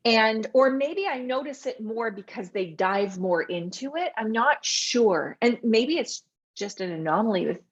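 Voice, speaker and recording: A woman's voice: a little high, expressive, unhurried, muffled recording. A woman co-hosting a podcast, chatting casually in a reflective, hesitant way and laughing often. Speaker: podcast co-host. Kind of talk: casual chat.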